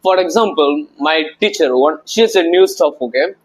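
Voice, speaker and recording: A man's voice: fairly high pitch, expressive, moderate pace, slightly rough, rough recording. A young man giving a casual motivational talk to camera. He speaks informally with slang, addresses the viewer directly and repeats his points. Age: young adult. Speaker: self-help video maker.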